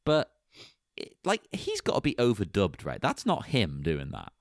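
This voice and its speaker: A man's voice: lowish voice, wildly swooping pitch, moderate pace, no room sound, clean studio sound. A man co-hosting a podcast in casual chat, giving wry, opinionated comments. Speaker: podcast co-host.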